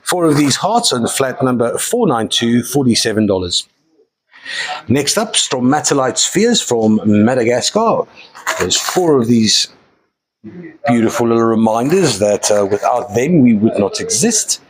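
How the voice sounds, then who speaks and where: A man's voice: medium pitch, sing-song, a little slow, a crowd in the background, poor audio. Chatty man hosting a mineral sale. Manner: chatty, enthusiastic, jokey asides. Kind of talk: casual live sales presentation.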